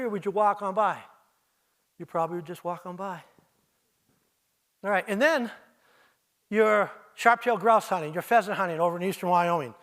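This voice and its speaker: An older man with a fairly high voice gives a presentation in an auditorium. He speaks to the audience as "you," pulling them into little stories. Every so often he breaks into imitations of owl calls. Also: normal speed, long pauses, fairly bright tone. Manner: storytelling, addresses listeners as you, mimics owl calls. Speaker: owl researcher giving a festival talk. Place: arts center auditorium.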